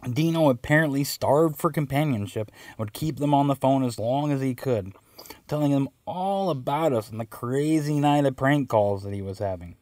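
A man's voice: mid-range voice, normal speed, a little mellow, no room sound. Man telling a story, dry close sound. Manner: wry, conversational recounting. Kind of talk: casual storytelling narration.

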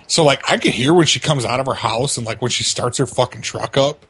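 A man with a husky, slightly rough voice tells animated stories, swearing constantly. His pitch sits in an ordinary middle range. He talks like he's hanging out with friends on a show. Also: fairly quick. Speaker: co-host of a prank call show. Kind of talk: casual profane storytelling.

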